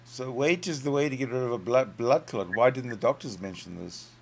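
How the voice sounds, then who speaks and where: A man's voice: medium pitch, fairly quick, creaky. Dry, teasing male host of a casual live chat, with faint noise behind him. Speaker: podcast host. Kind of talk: casual online discussion.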